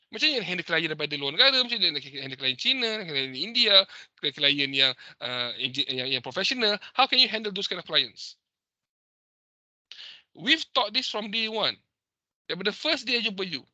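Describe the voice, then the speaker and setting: Malaysian man lecturing in a bright, piercing voice. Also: sits high, very animated, a little fast, dry recording. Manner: emphatic lecturing, mixing Malay and English. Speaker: teacher. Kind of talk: online class lecture. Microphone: video call.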